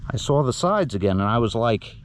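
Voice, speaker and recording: A man hosting a metal detecting video, talking casually and excitedly about his finds while out on a field. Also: medium pitch, fairly quick, slight background noise. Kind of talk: casual outdoor commentary. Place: outdoors on a field.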